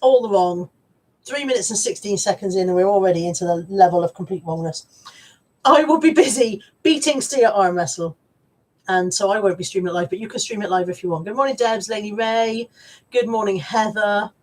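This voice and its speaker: Brisk and a little mellow, a medium-pitched woman hosts a live stream. Chatting casually, she teases her viewers and laughs often, a bit distant from the camera mic.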